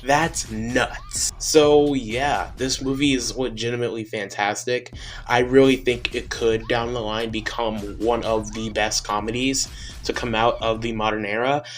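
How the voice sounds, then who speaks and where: A man's voice: mid-range voice, steady tone, a little slow, soft background music. A man doing a casual movie review vlog, opinionated and exasperated, firing off rhetorical questions.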